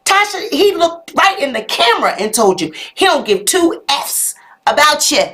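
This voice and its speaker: A woman's voice: sits high, sing-song, normal speed, a bit bright. A woman hosting a live gossip commentary show, talking sassily to her viewers and reacting to their comments. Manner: sassy, talks straight to viewers with "honey" and "y'all". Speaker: YouTube live show host.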